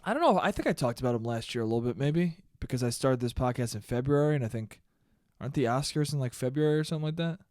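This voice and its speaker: A young man hosting his own podcast, ranting alone in a casual, profane, animated way and calling listeners "dude.". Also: mid-range voice, fast, no echo, studio quality. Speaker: podcast host. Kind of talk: solo podcast rant. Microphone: studio mic he checks the levels on.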